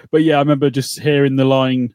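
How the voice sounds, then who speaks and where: A man co-hosting a podcast, chatting casually and excitably, swearing and laughing as he goes. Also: mid-range voice, dry recording. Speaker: podcast co-host. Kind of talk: casual recap chat.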